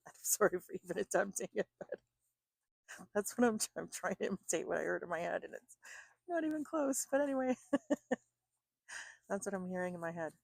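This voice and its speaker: A woman's voice: lowish voice, creaky, no room sound. A woman giving a chatty oracle card reading, thinking aloud with fillers and restarts. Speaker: tarot card reader.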